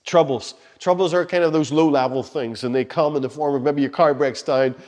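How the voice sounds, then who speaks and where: A male pastor delivers a sermon with passion, his slightly high voice rising to urgent peaks and then falling to near-hushed lines. The recording carries a long reverb from a large church hall. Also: steady tone, fairly quick. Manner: passionate, shifts between loud urging and soft hushed lines.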